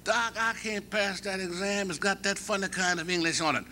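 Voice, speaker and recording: A man's voice: high voice, moderate pace, bright, forceful tone, slight background noise, pitched above the performer's own voice. An older man voicing a young male college basketball player who sounds doubtful and pleading in his questions.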